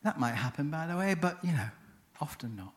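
A man's voice: a little high, big pitch swings, fairly quick. A man giving a seminar on chaplaincy, telling a story in a chatty, anecdotal way, often interrupting himself. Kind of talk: conference talk with storytelling.

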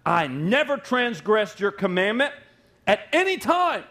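A preacher acting out a resentful older brother. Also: male voice, high voice, sing-song, a little slow, pushed and bright, voice pushed up, exaggerated voice. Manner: pleading, sarcastic. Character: indignant older brother, young man, resentful.

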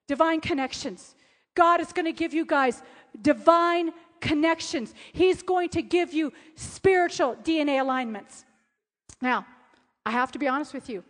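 A woman preaching a sermon at a conference, telling stories with lively acted-out quotes. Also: sits high, moderate pace. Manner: animated storytelling, acting out quotes. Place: large hall. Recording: reverberant hall.

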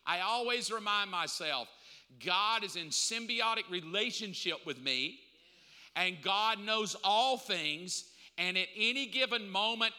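A man preaching a Bible lesson to a room, talking conversationally and breaking into loud emphatic bursts between quiet asides. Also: high-pitched, long reverb tail. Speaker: pastor teaching a Bible lesson. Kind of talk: sermon.

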